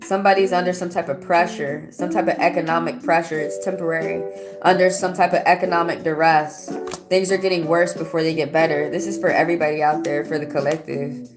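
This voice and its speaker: A woman's voice: deep voice, steady tone, brisk. A woman giving a casual live-stream tarot reading, answering viewer comments aloud in a loose, rambling way. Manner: loose and rambling, with fillers and restarts. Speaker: tarot reader. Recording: music playing behind the voice.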